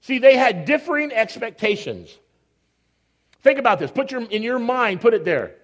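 Animated man preaching a conversational sermon. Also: extremely high pitch, normal speed, long reverb tail. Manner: animated, conversational, acts out scenes.

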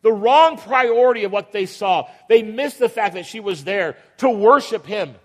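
A male pastor preaching an emphatic sermon, with dramatic pauses and repetition, often acting out the voices of people in the story. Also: high voice, animated. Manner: acts out quoted voices of biblical figures. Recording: long hall reverb.

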